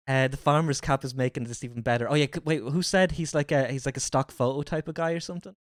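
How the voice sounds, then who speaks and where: A man's voice: medium pitch, quick pace, dry recording, clean studio sound. A man livestreaming and reacting to a video, joking crudely and swearing a lot, his voice strained.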